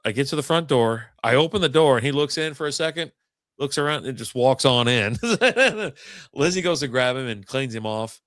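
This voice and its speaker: A man's voice: medium pitch, animated, moderate pace, fairly bright tone, no room sound, studio quality. A man hosting a casual podcast chat, telling a long story with lots of swearing and acted-out quotes. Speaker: podcast host.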